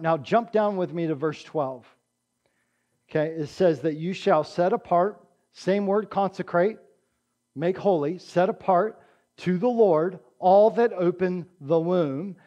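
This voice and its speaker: A man preaching a sermon in a conversational, emphatic way, often checking in with his congregation and acting out quotes. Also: high-pitched. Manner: emphatic, acts out quotes with raised voice. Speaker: pastor.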